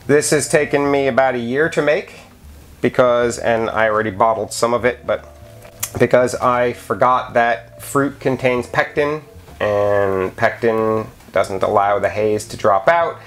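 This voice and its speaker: Indoors at home, a man gives a casual demonstration of home winemaking, explaining each step in a relaxed, chatty way. His voice is mid-range, with occasional fillers.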